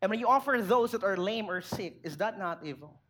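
A woman's voice: mid-range voice, lively intonation, brisk. A woman with a Filipino accent preaching a sermon, acting out little scenes and asking the congregation questions. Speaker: pastor.

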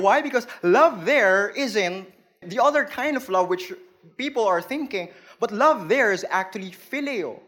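Man, Filipino accent, playful preacher, plain teacherly explaining, quick chuckles. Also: extremely high pitch, lively intonation, a bit bright. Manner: playful, laughs at his own jokes. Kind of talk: sermon.

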